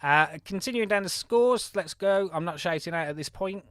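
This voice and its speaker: A man's voice: high voice, animated, moderate pace, fairly bright tone, dry recording, studio quality. A man from Birmingham with a mild Birmingham accent, hosting a game live stream in a chatty, friendly way, reading out scores and thanking viewers. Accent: mild Birmingham English. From Birmingham, England. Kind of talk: live game commentary and chat.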